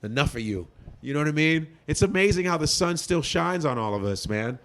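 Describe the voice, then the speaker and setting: A male comedian in a casual interview, ranting in a profane, animated way. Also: fairly high pitch, fairly quick. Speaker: comedian guest.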